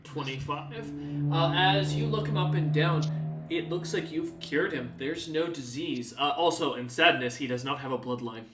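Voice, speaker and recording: A man's voice: on the high side, normal speed, loud music behind the voice. A man narrating as the game master of a tabletop game, descriptive and full of fillers. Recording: echoey room, distant mic.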